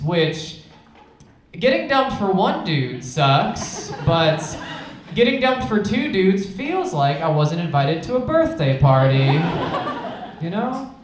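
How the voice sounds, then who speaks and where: A young man works a stand-up set in a deadpan, self-mocking way, his voice sitting a little high for a man. He is miked on a club stage, and the room rings with a strong echo. Audience laughter is clearly heard behind him. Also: background noise. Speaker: stand-up comedian and teacher.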